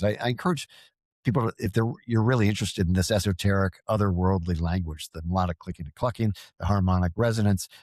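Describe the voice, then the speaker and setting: A paranormal field researcher appearing as a guest on a podcast talks casually in a low, darkish voice. He rambles earnestly, frequently stammering and restarting. There's no echo.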